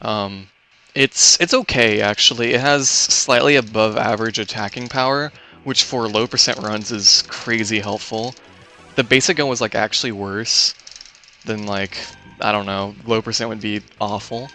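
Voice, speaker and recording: A man's voice: lowish voice, steady tone, normal speed, pushed and bright, soft background music. A man giving casual live commentary on his own speedrun, explaining game mechanics with many fillers and restarts.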